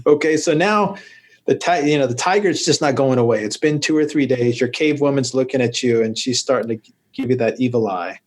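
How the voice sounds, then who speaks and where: Talking a little fast in a mid-range, darkish voice, this medical guest on a podcast is a urologist. His lengthy explanations are peppered with jokey anecdotes.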